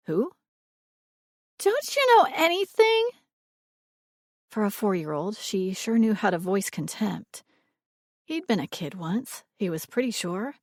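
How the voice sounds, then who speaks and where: A woman reading a romance audiobook in a measured, expressive way. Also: lowish voice, no room sound, studio quality. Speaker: audiobook narrator. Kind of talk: scripted romance narration.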